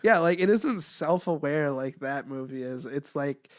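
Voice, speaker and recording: A man's voice: fairly high pitch, expressive, measured pace. A man who is a stand-up comedian, guesting on a podcast and riffing bluntly and profanely in casual chat.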